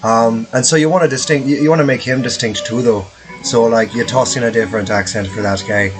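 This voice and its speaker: A man's voice: mid-range voice, steady tone, fairly quick, music in the background, poor audio. A man casually commentating his gameplay as a streamer, rambling with lots of fillers and offhand swearing.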